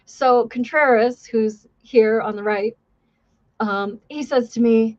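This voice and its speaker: A woman hosts a casual livestream, telling stories in a chatty, profane and self-mocking way and reading out chat messages. Her voice sits a little high. The stream audio is dull and lo-fi. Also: takes it slowly. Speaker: livestream host, former police officer.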